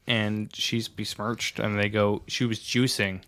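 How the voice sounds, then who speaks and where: A young man co-hosting a comedy podcast, trading deadpan absurd jokes and laughing often. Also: fairly low pitch, measured pace. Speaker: podcast co-host. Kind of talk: casual comedic chat.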